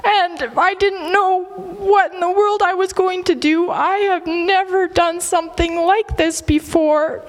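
A woman sharing an emotional personal testimony in church, halting and near tears, with many pauses. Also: very high-pitched, steady tone, long reverb tail, poor audio.

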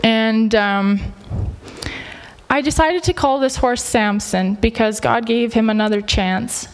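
Emotional woman giving a halting testimony. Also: a little high, clean tone, in a large hall, low-quality recording. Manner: halting, tearful, with many pauses and fillers. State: emotional, near tears. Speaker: church member sharing a testimony.

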